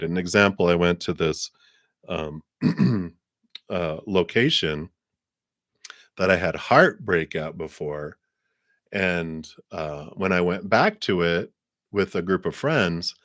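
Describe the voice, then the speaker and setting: Low-voiced man giving chatty tarot readings. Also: measured pace, a bit bright, dry recording, studio quality. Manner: chatty, reflective, frequent fillers and restarts. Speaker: tarot reader. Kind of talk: live-streamed tarot reading.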